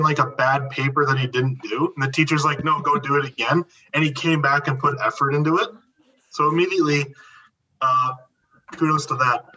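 A man with a fairly high, bright and tense voice, sharing strong opinions in a casual chat. He sounds distant from the microphone on a dull, lo-fi line with faint noise behind him. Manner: opinionated, uses vivid comparisons.

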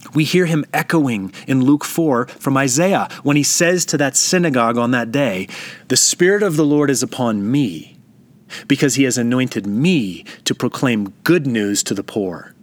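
Man preaching an earnest, reflective sermon. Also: medium pitch. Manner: reflective, emphatic, slows down on key phrases.

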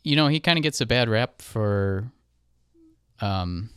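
Guy w a lowish smooth voice chatting loosely, lots of ums, dry close mic. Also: measured pace, dry recording. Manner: relaxed, thinks aloud with fillers. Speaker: film composer. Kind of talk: casual podcast chat.

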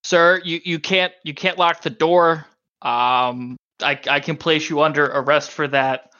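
A man's voice: on the high side, fairly even intonation, unhurried, sharp tone, dry recording, lo-fi sound. A man voicing a nervous young male small-town deputy in a tabletop game, stammering and flustered but overly polite. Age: late twenties (figure).

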